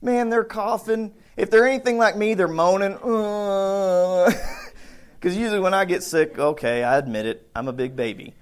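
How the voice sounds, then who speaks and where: A man preaching a casual, conversational sermon, acting out bits of the story with shouts and voices. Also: high-pitched, normal speed, clean tone. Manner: conversational, thinks aloud with restarts. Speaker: pastor.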